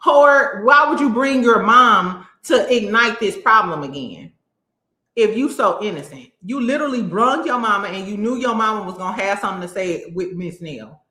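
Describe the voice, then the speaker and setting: Woman host, blunt and mocking reality TV commentary, crisp bright tone. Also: mid-range voice, lively intonation, moderate pace, reverberant. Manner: blunt, sassy, cursing, mocking impressions. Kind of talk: casual opinionated commentary.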